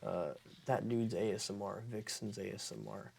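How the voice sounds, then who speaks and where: Creaky, husky-voiced young man. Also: lowish voice, fairly even intonation, normal speed, darkish tone. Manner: rambling, often corrects himself mid-list. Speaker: ASMR creator. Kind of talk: casual talk to camera.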